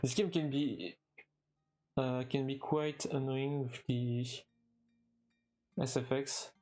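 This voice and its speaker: A man's voice: medium pitch, fairly even intonation, warm tone. A young man from France with a French accent, chatting casually with his viewers while he plays a game, often restarting his sentences and stumbling over fillers. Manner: halting, with frequent restarts and fillers, chuckling now and then. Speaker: streamer. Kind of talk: casual live-stream chat while gaming.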